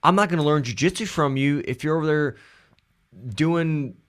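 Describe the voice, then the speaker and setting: A man's voice: a little high, normal speed, fairly bright tone, clean tone. A man co-hosting a podcast in casual chat, blunt and dry, dropping casual swears. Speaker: podcast co-host.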